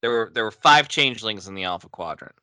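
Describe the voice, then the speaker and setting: A man's voice: lowish voice, animated, fast talker, bright, forceful tone, smooth, no echo, studio quality. A man chatting casually as a podcast co-host, often laughing and stumbling over repeated words. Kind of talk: casual chat.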